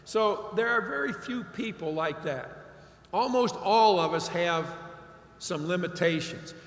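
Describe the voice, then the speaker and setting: A man's voice: high voice, expressive, measured pace. An older man from Ohio giving a commencement speech, telling stories in a folksy, emphatic way. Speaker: commencement speaker. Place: large graduation venue. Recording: echoey hall reverb.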